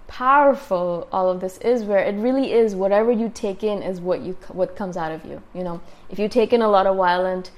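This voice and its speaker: A woman's voice: medium pitch, darkish tone. A woman hosting her own podcast, talking casually and rambling with lots of fillers and restarts. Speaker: podcast host. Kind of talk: casual solo talk. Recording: solo podcast.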